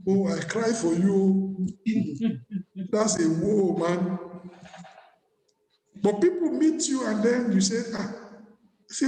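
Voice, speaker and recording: Brief: male pastor, high voice with a mellow tone, jokey sermon delivery, echoey church. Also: slow, pauses often. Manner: preaching with humor and wordplay, laughing often.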